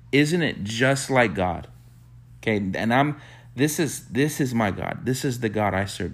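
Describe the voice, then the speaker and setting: A man preaching a sermon, telling a story with animated quoted bursts and soft hushed reflective asides. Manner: animated storyteller, acts out quotes with sudden high-pitched bursts. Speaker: pastor.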